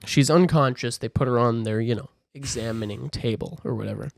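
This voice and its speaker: A man casually recapping a movie plot, animated and slipping into quick character voices. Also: medium pitch, gravelly, no echo. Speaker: podcast co-host.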